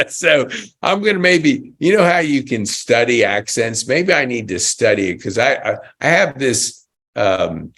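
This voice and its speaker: A man's voice: mid-range voice, very animated, unhurried, vocal fry, a bit bright. A man hosting a casual interview podcast, chatty and enthusiastic with frequent exclamations. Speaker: podcast host.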